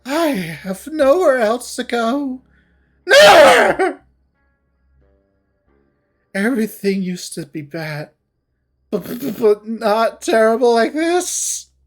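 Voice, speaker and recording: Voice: high-pitched, very animated, slow pace, faint music behind, voice pushed up, full character voice. A narrator voicing a young female cat, frantic and unstable, screaming with a cracking voice. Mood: desperate. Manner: shrieking, voice cracking.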